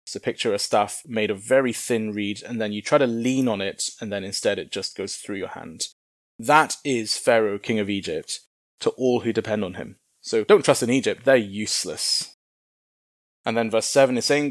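A man's voice: on the low side, normal speed, no room sound, studio quality. A man giving an informal Bible lesson in a chatty, humorous way with casual slang. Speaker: Bible teacher.

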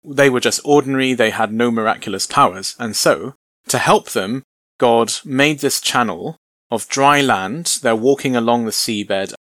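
A man leads a Bible study, walking through the passage verse by verse in a relaxed, conversational way and adding wry asides. His voice sits at a middling pitch. The recording is close and dry, with no room echo. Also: normal speed. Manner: conversational, explaining with light humor. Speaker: Bible teacher.

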